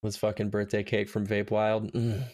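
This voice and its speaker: A man's voice: lowish voice, completely flat delivery, moderate pace, darkish tone. Man tossing dry crude one-liners. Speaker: podcast co-host. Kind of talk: casual comedic chat.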